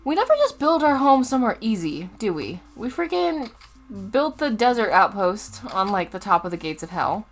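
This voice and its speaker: A woman's voice: on the high side, big pitch swings, normal speed. A young woman casually commenting on her gameplay as a Let's Play host, chatty and easily distracted. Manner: chatty, easily distracted, loud startled outbursts.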